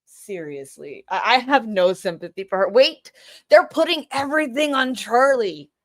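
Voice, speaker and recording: A woman's voice: fairly high pitch, animated, normal speed. A woman with a Boston accent giving brash, profane, mocking live commentary on a trial. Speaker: livestream host.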